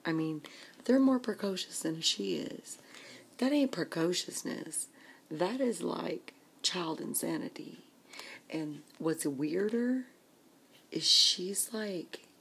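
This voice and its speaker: A woman's voice: low-pitched, creaky, fairly bright tone, husky. A woman ranting in a casual vlog, exasperated and complaining, often dropping to a whisper. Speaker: vlogger.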